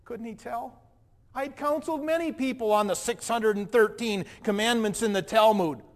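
A man acting out a proud, indignant wealthy young man in a dramatic first-person monologue, with animated, defensive delivery and a long hall reverb. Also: very high-pitched, moderate pace, pitched above the performer's own voice. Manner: animated, defensive, self-righteous.

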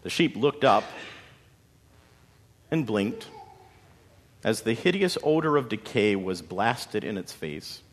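A male storyteller narrates with dramatic, expressive delivery and folksy asides. He takes his time, and his pitch swings widely. A long hall reverb trails after each phrase. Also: slow, long pauses.

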